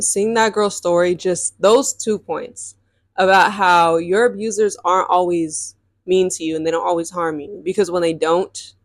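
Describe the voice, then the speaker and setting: A young woman with a lowish voice talks candidly into a close mic, recorded dry. She is casual and emphatic, and she leans on "like" and "um" as she tells a personal story on her podcast. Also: dry recording. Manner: casual and emphatic, heavy use of "like" and "um". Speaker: podcast host.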